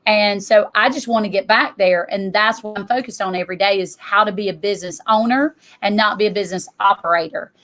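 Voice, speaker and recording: A middle-aged woman giving an energetic, emphatic presentation to an audience as a tax business owner. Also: mid-range voice, brisk, few pauses.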